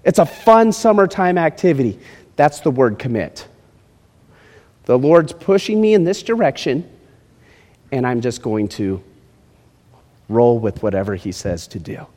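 Animated pastor preaching in echoing hall. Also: male voice, mid-range voice, measured pace, long pauses. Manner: animated, acts out quotes, addresses congregation directly. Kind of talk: sermon. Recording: reverberant hall.

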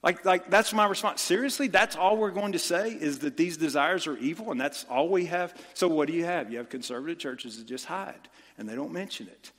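A man's voice: a little high, fairly quick, few pauses, fairly bright tone. Fired-up preacher man, echoing hall. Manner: impassioned, emphatic, repeats phrases for stress. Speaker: pastor. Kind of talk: sermon.

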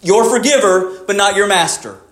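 A man as pastor, preaching a sermon, moving between low measured passages and emphatic raised lines. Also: a bit bright, roomy sound.

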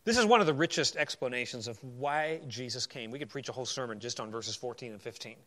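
A man preaching a sermon, working through a Bible passage verse by verse and moving between emphatic declarations and quiet asides. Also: mid-range voice, quick pace.

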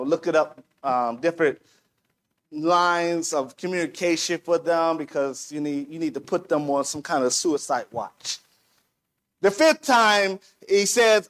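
A man preaching a sermon in church, opening with a prayer and speaking slowly and deliberately, then building to emphatic peaks. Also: fairly high pitch.

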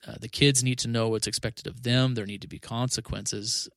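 Male pastor, podcast chat, gravelly voice, dry close sound, earnest, stop-start phrasing. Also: mid-range voice, steady tone, moderate pace, fairly bright tone, no echo. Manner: earnest, with frequent restarts and 'you know'. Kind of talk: casual podcast conversation.

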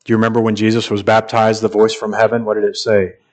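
A man preaching a sermon as a pastor, earnest and measured, pausing and repeating phrases, building to emphatic stretches. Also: on the low side, monotone.

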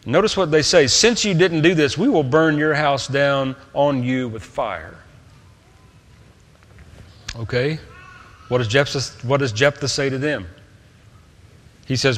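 A man preaching a sermon, swinging between loud, stressed points and quiet asides. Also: medium pitch, a little slow, pauses often, big-room sound.

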